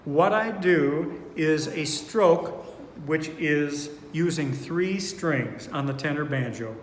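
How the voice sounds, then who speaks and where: A man teaching four-string banjo in a relaxed, unhurried way, thinking aloud with fillers as he plays. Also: fairly high pitch, slight background noise. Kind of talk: relaxed online music lesson. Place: indoor room, playing banjo while talking. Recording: echoey room with long reverb, banjo playing behind.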